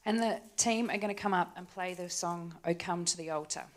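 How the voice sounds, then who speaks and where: A woman preaching a sermon in a church, talking conversationally with tag questions and dropping to soft, hushed asides. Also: lowish voice, normal speed. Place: church stage.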